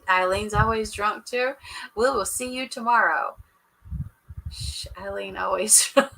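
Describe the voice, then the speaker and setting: Woman, sassy livestream chatter, bright sharp tone, lots of laughing. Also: mid-range voice, takes it slowly, gravelly, poor audio. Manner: sassy, joking, laughs often, talks to chat. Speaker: livestream host recapping a reality show. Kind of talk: casual live chat with viewers.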